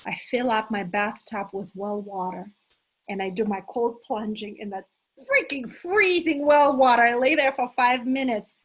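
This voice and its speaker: A middle-aged woman leading a live motivational workshop as a coach, enthusiastic and animated, talking to her listeners as "you guys". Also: on the high side, normal speed, rough recording. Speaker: manifestation coach hosting an online challenge.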